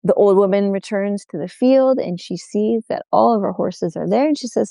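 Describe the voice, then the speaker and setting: Woman, storyteller, oral folk tale, unhurried, mellow dark tone, gravelly. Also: medium pitch, dry recording. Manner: unhurried, with many repetitions.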